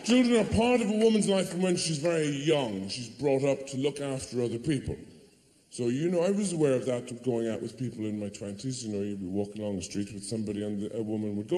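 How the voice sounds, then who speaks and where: A man's voice: mid-range voice, fast, warm tone. A man doing a stand-up comedy routine on stage, rambling and digressive with lots of hesitant fillers. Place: theatre stage before a live audience. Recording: roomy hall reverb, faint audience ambience.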